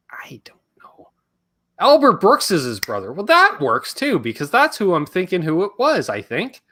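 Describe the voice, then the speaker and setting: A man's voice: high voice, sharp tone. A Canadian man hosting a live Q&A stream, casual and rambling, joking around and reading chat comments aloud.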